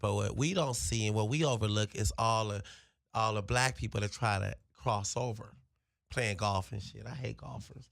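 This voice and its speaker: A man comedian, a guest, talking in a brash, profane way in casual chat, breaking into loud shouted bits. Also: fairly low pitch, moderate pace, gravelly, dry recording, studio quality.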